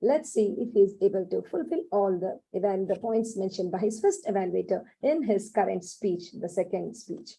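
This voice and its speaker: A woman carefully reading out project notes as evaluator at a club meeting on a video call, pausing over unsure words. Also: medium pitch, expressive, vocal fry, mellow, husky, rough recording. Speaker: speech evaluator.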